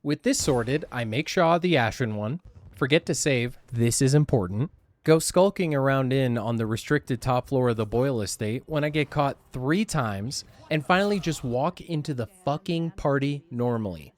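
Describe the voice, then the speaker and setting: A man's voice: medium pitch, animated, moderate pace. A man narrating his playthrough in a casual voice-over, wry, self-deprecating and casually profane. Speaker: gaming channel host.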